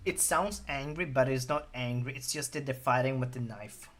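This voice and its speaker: A man's voice: mid-range voice, moderate pace, a bit bright. A man streaming a game, chatting casually and rambling, joking and laughing at his own impressions. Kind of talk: casual chat over gameplay. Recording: game and vehicle noise behind.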